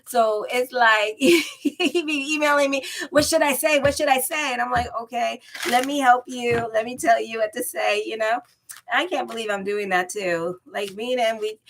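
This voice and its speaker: A woman's voice: a little high, fairly bright tone. A middle-aged woman astrologer rambling candidly and laughing often between tarot horoscope readings. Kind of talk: casual chatty horoscope vlog.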